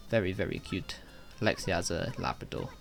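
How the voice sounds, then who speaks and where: A man's voice: low voice, animated, moderate pace, gravelly, a bit bright, faint music behind. A young man chatting casually with viewers on a live game stream, friendly and talkative.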